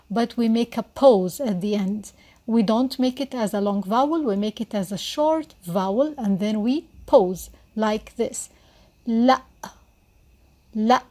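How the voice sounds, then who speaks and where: Slow, patient woman teaching Arabic. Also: on the high side, darkish tone. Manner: slow, patient, repeats words for the learner. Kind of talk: beginner language lesson.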